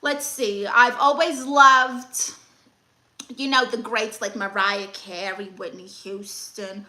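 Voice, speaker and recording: A woman's voice: a little high, fairly even intonation, slow, bright, forceful tone. A young woman comedian hosting a live stream, reading comments and handing out blunt, sassy advice.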